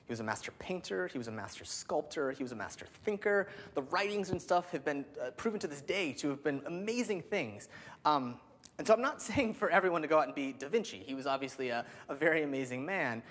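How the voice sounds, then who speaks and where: A man in his thirties giving an energetic keynote speech, with lots of "um" and "like" fillers. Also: a little high, fast. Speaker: keynote speaker. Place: large hall. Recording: long hall reverb.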